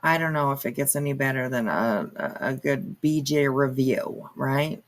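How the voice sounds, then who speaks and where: A woman's voice: a bass voice, normal speed. A woman hosting her own commentary channel, reacting to clips in a sarcastic, mocking way and swearing freely.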